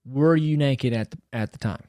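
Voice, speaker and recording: A man's voice: medium pitch, normal speed, mellow, dry recording, studio quality. A young man hosting a podcast, reacting with short, wry quips to a guest's story. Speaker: podcast host. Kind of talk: casual chat.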